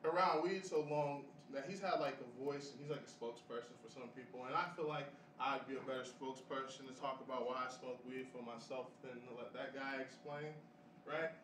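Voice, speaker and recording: A man's voice: mid-range voice, fairly even intonation, brisk, a bit bright. A young man doing a rambling stand-up set at a café open mic, laughing at his own jokes. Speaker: stand-up comedian. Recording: roomy live café sound from a distant mic with audience noise.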